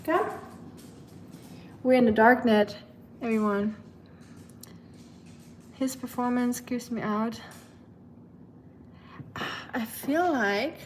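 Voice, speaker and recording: A woman live streamer chatting casually with her viewers, rambling with lots of fillers and quick laughs. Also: on the high side, a little hiss or hum. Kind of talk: casual chat reading viewer comments.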